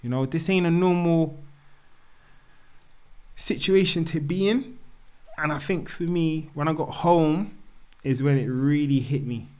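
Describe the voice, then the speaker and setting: A man's voice: fairly high pitch, measured pace, darkish tone. A man, a podcast guest telling a personal story in candid, slangy talk and acting out the dialogue. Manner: candid, slangy, acts out dialogue in quoted speech. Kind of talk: casual storytelling conversation.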